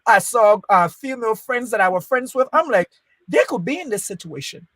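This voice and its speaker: A man tells a story from his own life on a talk podcast, his pitch leaping up and down as he acts out each quoted line. The sound is close and dry, with no room around it. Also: animated, brisk, a bit bright, dry recording. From Liberia. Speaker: podcast host. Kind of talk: casual conversation, personal story.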